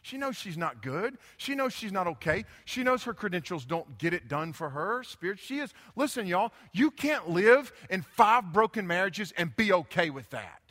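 A man's voice: high-pitched, big pitch swings, moderate pace, hardly any pauses, fairly bright tone. A man preaching a sermon as a pastor, telling casual, digressive, humorous stories. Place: church. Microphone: handheld or stand microphone. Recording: reverberant church hall.

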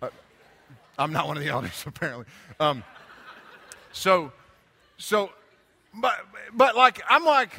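A man's voice: a little high, sing-song, measured pace, pauses often, pushed and bright, husky. A man preaching a sermon as a pastor, telling casual, digressive, humorous stories. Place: church. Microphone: handheld or stand microphone. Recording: reverberant church hall.

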